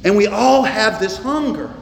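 A man preaching from the pulpit, his voice pitched high and carrying emphatic, repeated phrases. The sound rings with long reverb in a roomy church hall. Faint ambience stays in the background. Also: animated, gravelly, slight background noise. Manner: emphatic preaching, repeats words, slows for stress. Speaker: pastor. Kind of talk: sermon.

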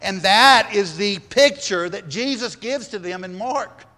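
A man's voice: sits high, expressive, a little slow, pushed and bright, long reverb tail. A man preaching a sermon, emphatic and repeating his phrases for weight.

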